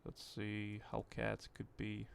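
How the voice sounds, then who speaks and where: A man streaming a tank game live, thinking aloud in a rambling, relaxed way and swearing casually as he sets up a test with viewers. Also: lowish voice, slow pace, vocal fry, a little hiss or hum. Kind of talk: casual livestream commentary.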